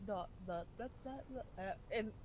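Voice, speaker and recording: A woman's voice: mid-range voice, normal speed, darkish tone, a little hiss or hum, poor audio. A woman playing a tabletop game in casual chat, giggly and swearing freely, tripping over words.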